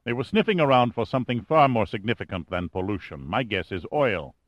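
A man's voice: lowish voice, expressive, a little fast, no room sound, dull audio. A man voicing a menacing, sarcastic male general who interrogates a prisoner, in a sneering, commanding manner.

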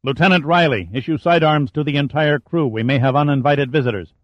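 Man doing a stern navy commander, barked clipped orders, raised forceful voice, dull dry audiobook sound. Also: medium pitch, brisk, dry recording, natural voice. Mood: commanding.

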